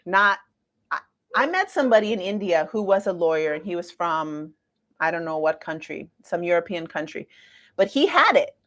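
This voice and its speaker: A woman in her forties giving a casual astrology talk to viewers, chatty and lively with playful asides. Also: lowish voice, moderate pace. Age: 40s.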